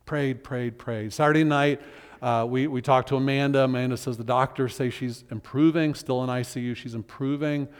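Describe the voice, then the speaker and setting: A man's voice: mid-range voice, steady tone, clean tone. Earnest male pastor in a reverberant hall. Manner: earnest, emotional, halting with restarts. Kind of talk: sermon storytelling.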